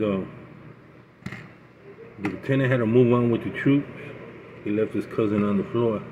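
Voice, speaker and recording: A man telling a story casually, in a rambling, folksy way that often repeats itself. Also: medium pitch. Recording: phone-like with faint noise.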